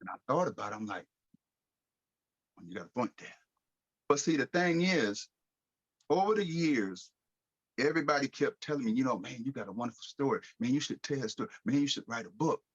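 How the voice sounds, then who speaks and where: A middle-aged American man telling his life story in a podcast interview, lively, with casual slang and acted-out quotes. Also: mid-range voice, fast, slightly rough, no room sound, lo-fi sound. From United States. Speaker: guest speaker.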